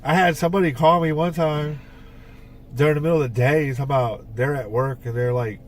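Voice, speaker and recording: A man's voice: on the high side, steady tone, a little fast, recorded from a distance, slight background noise. Rambling man telling band stories, off-mic. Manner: rambling storyteller with frequent fillers and swearing. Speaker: podcast co-host and band songwriter. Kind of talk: casual chat.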